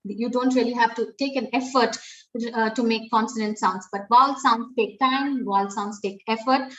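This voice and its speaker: A woman with an Indian English accent, a pre-primary educator giving a webinar, explaining step by step with many pauses and fillers. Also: on the high side, steady tone, fairly bright tone, recorded from a distance, lo-fi sound. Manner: explains step by step, often restarting and saying "uh" and "um". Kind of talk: webinar talk.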